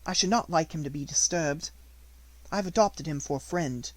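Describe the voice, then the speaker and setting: A man's voice: on the high side, moderate pace, pitched above the performer's own voice, natural voice. A man voicing a composed, imaginative young girl who speaks grandly and politely, in an audiobook reading. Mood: gentle.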